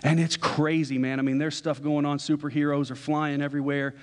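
A young man preaches in a slightly high voice, telling a story in a loose, conversational way. His words ring out with a long reverb, as if he is in a large church hall. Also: level tone, brisk. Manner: casual storytelling, acts out quoted dialogue. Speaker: pastor. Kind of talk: sermon illustration. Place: church sanctuary.

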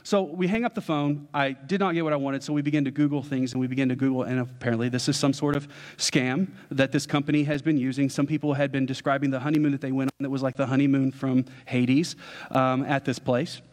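A man preaching to a congregation, telling a funny personal story in an animated, joking way and talking straight to the listeners. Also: mid-range voice, quick pace. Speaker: pastor. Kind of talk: storytelling sermon. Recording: long hall reverb.

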